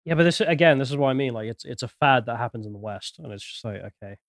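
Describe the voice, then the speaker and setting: Fast-talking man, dry studio sound. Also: medium pitch, lively intonation, gravelly, no echo. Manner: hesitant, restarts and trails off quietly. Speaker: podcast co-host. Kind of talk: casual chat.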